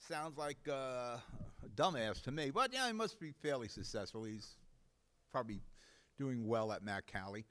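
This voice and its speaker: A man's voice: medium pitch, expressive, normal speed, fairly bright tone. Blunt, indignant New man hosting. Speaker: host. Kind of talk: ranting local talk show monologue.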